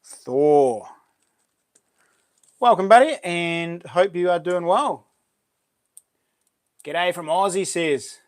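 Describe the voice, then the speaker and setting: A man's voice: sits high, lively intonation, very slow, pauses often. A middle-aged man with a New Zealand accent hosting a casual live stream, greeting viewers by name in a chatty way. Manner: chatty, reads out viewer names and greets them warmly. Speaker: livestream host.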